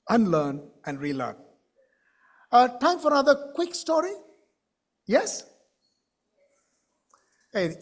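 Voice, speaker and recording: High-voiced man. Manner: animated, engages the audience with questions. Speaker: keynote speaker. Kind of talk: storytelling conference speech. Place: conference stage.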